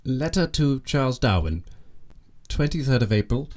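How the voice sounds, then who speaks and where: An actor gives voice to a self-important naturalist aboard a sailing ship, feuding by letter in a comedy audio play. He reads everything in a stiff, formal manner. His pitch is ordinary for a man. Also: very animated, normal speed, darkish tone, lightly acted. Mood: pompous. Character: pompous, petty male ship's naturalist in 1832. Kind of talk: comic audio drama.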